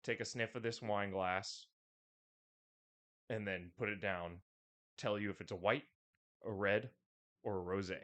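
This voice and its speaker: A man's voice: lowish voice, fairly even intonation, a little slow, long pauses, a bit bright. A man co-hosting a podcast, joking and teasing in loose banter. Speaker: podcast co-host. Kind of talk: casual chat.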